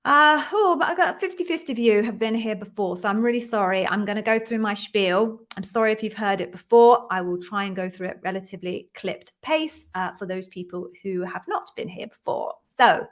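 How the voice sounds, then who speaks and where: A middle-aged woman from London hosting a live stream, chatting warmly with viewers and greeting each by name before explaining her work as an interview coach. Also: medium pitch, a little fast, hardly any pauses. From London, England.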